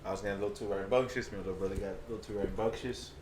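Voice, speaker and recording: A man's voice: fairly low pitch, rapid-fire. Storytelling young man in a roomy echo. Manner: animated storyteller, slips into Spanish quotes. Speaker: podcast co-host. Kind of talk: casual chat. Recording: roomy echo, faint noise.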